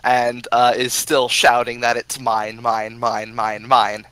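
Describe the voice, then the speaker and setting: A man narrating a tabletop game as game master, halting with many fillers. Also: mid-range voice, monotone, sharp tone, smooth, no echo.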